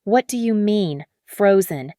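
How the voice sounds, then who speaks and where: A woman's voice: fairly low pitch, moderate pace, no echo, studio quality, natural voice. Woman voicing a roaring drunk tycoon. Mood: furious. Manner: shouting, snapping, roaring. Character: drunk furious tycoon husband, man.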